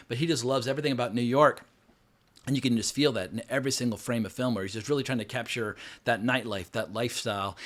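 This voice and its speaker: Fast-talking frank man reviewing a film. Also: mid-range voice. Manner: rambling, frank, with frequent fillers and profanity. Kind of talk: casual spoken film review. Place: home, New York City.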